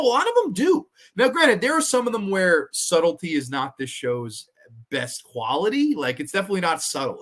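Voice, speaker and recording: A man from New York with a New York accent, hosting a casual horror review show, animated and swearing freely. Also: a little high. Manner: animated, swearing, acts out quoted lines. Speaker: podcast host.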